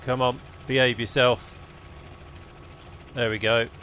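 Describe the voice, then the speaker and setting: A man's voice: mid-range voice, flat delivery, slow. A man streaming a flight sim, talking himself through cockpit checks and joking at his own mistakes while chatting with viewers. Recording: loud helicopter engine noise behind voice.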